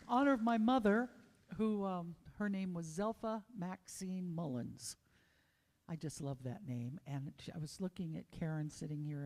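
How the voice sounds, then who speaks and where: A woman from Arkansas, a church singer, telling a tender personal story in a soft, quickening voice in a church sanctuary. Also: on the low side, in a large hall. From Arkansas, USA. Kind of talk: personal story, then song. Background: instrumental accompaniment.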